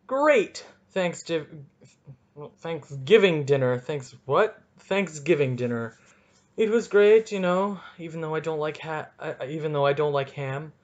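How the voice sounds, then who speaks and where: A man's voice: fairly high pitch, dull audio. Rambling young man ranting on a podcast. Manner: rambling, self-mocking, goofy asides, swings between ranting and muttering. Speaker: podcast host. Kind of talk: solo podcast rant.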